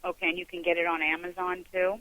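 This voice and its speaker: A man's voice: sits high, monotone, fast talker, bright, forceful tone. A man hosting a radio show, chatting casually with a guest and gushing with praise. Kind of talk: casual interview chat. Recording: tinny phone line.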